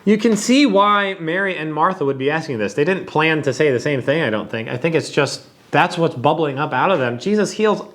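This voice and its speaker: A man delivers a Bible teaching in an earnest, reflective way. His voice sits a little high for a man, and he slows down and lingers on key words for emphasis. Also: fairly bright tone.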